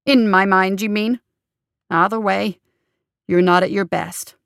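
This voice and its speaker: A woman's voice: medium pitch, fairly even intonation, a little slow, vocal fry, a bit bright, clear, resonant tone, dry recording, studio quality. A woman voicing a blunt, tough female fighter with clipped lines in an audiobook. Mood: curt, terse.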